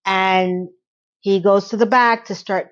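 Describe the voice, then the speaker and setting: A woman giving a casual, opinionated TV recap, chatty and rambling with quick asides, now and then acting out lines from the show. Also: medium pitch, fairly even intonation, muffled recording. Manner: acts out characters' lines in quick quotes. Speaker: TV recap reviewer.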